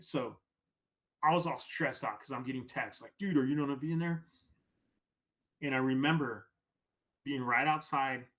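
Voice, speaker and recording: A man as a podcast guest, telling a story in a casual, animated way, acting out quoted lines and often tagging "right?". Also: mid-range voice.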